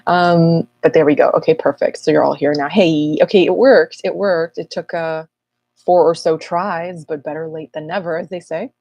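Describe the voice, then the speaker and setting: Woman, astrologer, casual livestream chat, deep voice, slightly husky, dry close sound. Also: fairly even intonation, moderate pace, warm tone, dry recording, muffled recording. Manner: chatty, rambling, self-mocking. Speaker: astrologer hosting a live Q&A.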